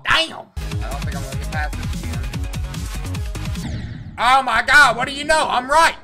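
Very high-voiced man ranting over gameplay. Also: sing-song, moderate pace, pauses often, soft background music. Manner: profane, frustrated ranting; loud outbursts and yelling. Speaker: gaming video creator. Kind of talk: gaming commentary.

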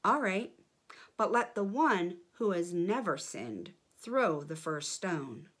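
Jesus, a woman reading calm and gentle. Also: lowish voice, takes it slowly, breathy edge, full character voice.

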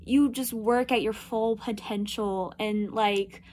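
A teenage girl pours out a farewell message, her words tumbling out as she holds back tears. Her voice sits fairly high. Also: fairly even intonation, darkish tone. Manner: gushing, rushed, fighting back tears. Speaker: theater student.

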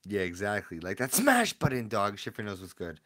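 A young man hosting a casual livestream from his room at home, chatting in relaxed slang and jumping from quiet mumbles to sudden loud yells. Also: on the low side, brisk. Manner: laid-back slangy banter with chat. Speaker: livestream host opening card packs.

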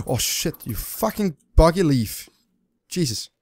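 A man's voice: on the high side, very animated, takes it slowly, a little mellow, breathy edge, dry recording. A man giving crude, jumpy commentary while playing a game, with constant squeamish reactions and swearing. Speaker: let's play gamer. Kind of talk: gameplay commentary.

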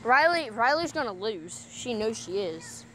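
A woman's voice: a little high, sing-song, unhurried, noisy background. A young woman vlogging at home in a casual, playful, teasing way. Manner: playful, teasing trash talk. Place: house, indoors and outside.

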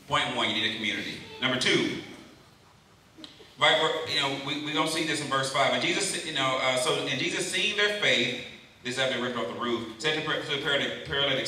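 A man giving a lively youth sermon at a camp, often calling out questions to his listeners. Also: mid-range voice, normal speed, slight background noise. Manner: lively, calls out questions to the crowd. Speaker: camp speaker. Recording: very echoey hall, mic far off.

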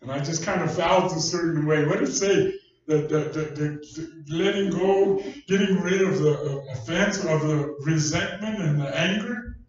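A man's voice: a little high, moderate pace. A man preaching a sermon, telling a personal story in a folksy, conversational way. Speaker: pastor. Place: church hall. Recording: distant echoey church recording, dull sound.

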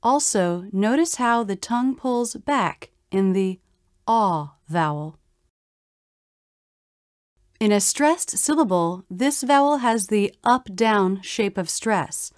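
Female pronunciation teacher, unhurried and precise, dry close sound. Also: mid-range voice, lively intonation, dry recording. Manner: slow, careful, demonstrates vowel sounds. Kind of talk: scripted instructional narration.

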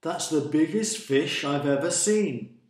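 A man's voice: on the high side, slow pace, darkish tone, roomy sound. A man voicing Jonah, a sulky male prophet who groans and complains as he speaks. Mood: groaning.

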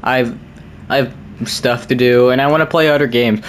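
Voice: mid-range voice, steady tone, moderate pace, slight background noise. A streamer playing a horror game live, reacting with jokes and sudden exclamations while chatting with viewers. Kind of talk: live gameplay commentary.

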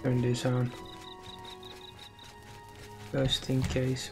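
A man's voice: medium pitch, monotone, drawn-out words, gravelly, pauses often, a little mellow, soft background music. A man giving casual commentary while playing a game, muttering to himself with wry remarks and the odd swear. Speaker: let's play host.

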